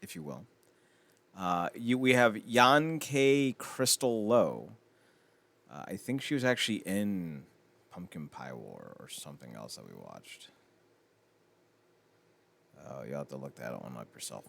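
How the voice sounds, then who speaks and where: A man's voice: deep voice, expressive, measured pace, creaky, long pauses, a bit bright. A man co-hosting a casual comedy podcast, reviewing a movie with a jokey manner, laughing often and acting out bits. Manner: jokey, laughs often, acts out characters in quotes. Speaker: podcast co-host.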